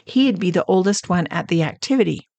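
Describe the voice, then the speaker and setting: A woman hosting a counseling podcast, calmly teaching and telling stories about clients. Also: lowish voice, fairly quick, no room sound, dull audio. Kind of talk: scripted teaching talk with stories.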